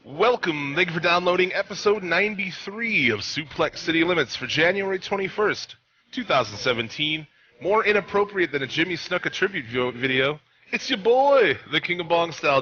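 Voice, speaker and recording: Brief: upbeat male podcast host, fairly high voice, lo-fi sound with faint noise. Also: lively intonation, bright, forceful tone. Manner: upbeat, brisk announcing. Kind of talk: podcast intro.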